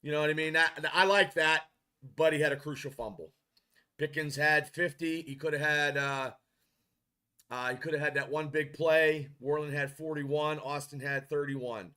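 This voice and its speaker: A man's voice: on the high side, fairly even intonation, moderate pace, sharp tone. A man hosting a casual football podcast, rambling and frustrated, with many restarts as he reads chat comments. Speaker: podcast host.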